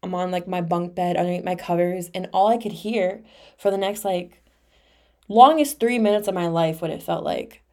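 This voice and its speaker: A woman's voice: fairly low pitch, moderate pace, a little mellow. A young adult woman hosting her own podcast, speaking in a candid, emotional confessional monologue full of "like" and casual swearing. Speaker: podcast host.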